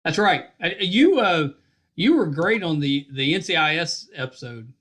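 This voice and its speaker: A man's voice: fairly high pitch, lively intonation, normal speed, a bit bright. A man hosting a podcast interview, friendly and affirming, asking follow-up questions. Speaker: podcast host. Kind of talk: casual interview.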